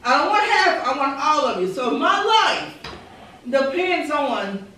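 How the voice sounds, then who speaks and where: This female pastor preaches in a sanctuary with fervent, repetitive phrasing and rhetorical quotes. Her high voice is sing-song, unhurried and sharp. The recording, made from far off, echoes and has a little hiss or hum.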